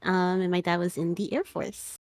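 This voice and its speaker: A woman's voice: on the low side, flat delivery, normal speed, darkish tone, no echo. Woman on a stream call, short easygoing answers, dry audio. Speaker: stream guest. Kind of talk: casual online chat.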